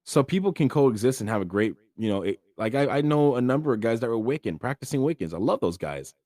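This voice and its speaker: A podcast host delivers a casual monologue on faith, speaking earnestly and conversationally with many fillers. His mid-range voice is fast and a little mellow with lively intonation, and the clean studio sound has no room sound.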